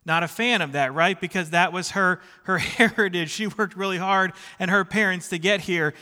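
A man's voice: high voice, moderate pace, bright, forceful tone, big-room sound. A middle-aged man preaching a sermon in a church sanctuary, chatty and self-deprecating, who keeps checking in with the congregation. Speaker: pastor. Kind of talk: sermon with personal stories.

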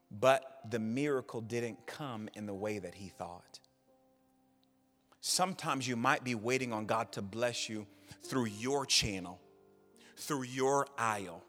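A man preaching a sermon as pastor, swinging between hushed low lines and loud shouted bursts. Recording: hall reverb, faint music behind.

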